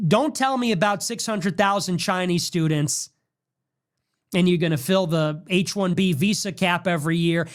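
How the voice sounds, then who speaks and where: A young man hosting a podcast, delivering a combative political monologue and repeating his ultimatums in a mocking tone. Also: high voice. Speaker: podcast host.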